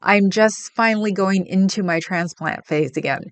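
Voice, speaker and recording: Medium in pitch and moderate in pace, with no echo, a San Francisco Bay Area woman hosts a relaxed livestream. She answers her viewers in a chatty, meandering way, often breaking into laughter.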